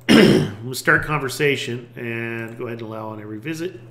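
Bright, chatty male tech YouTuber. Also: mid-range voice, a little fast, roomy sound. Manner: chatty, thinking aloud, reading from screen. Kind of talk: casual screen-share tutorial.

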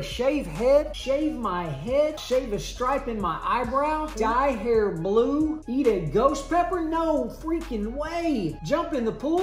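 A man chatting to camera in a casual vlog, full of excitable, dramatic exclamations. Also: high-pitched. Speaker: family vlogger. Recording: roomy echo with faint music.

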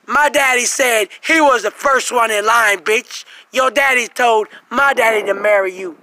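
A man delivering an aggressive, profane religious rant, cursing and mocking over and over, sometimes bursting into shouts. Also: extremely high pitch, measured pace, slight background noise, rough recording.

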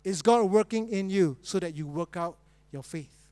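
A male pastor preaching a sermon with pauses and rising emphasis. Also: high-pitched, warm tone, dry recording. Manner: reads a spoonerism fairy tale as a joke, then preaches with pauses and rising emphasis.

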